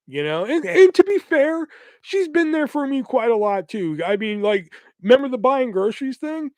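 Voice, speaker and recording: A man's voice: sits high, moderate pace, dry recording. A young man hosting a podcast, telling a long story in casual, profane speech and acting out the quoted lines of the people in it. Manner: profane, animated retelling with quoted voices. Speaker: podcast host.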